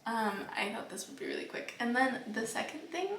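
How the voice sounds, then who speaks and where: A young woman talks through life lessons in a casual, earnest way, pausing with soft fillers. Her voice sits a little high and rings in a roomy space. She is heard from a short distance off the mic. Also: lively intonation, a little hiss or hum. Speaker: vlogger. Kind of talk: casual advice talk to camera. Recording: echoey room, voice a bit off-mic.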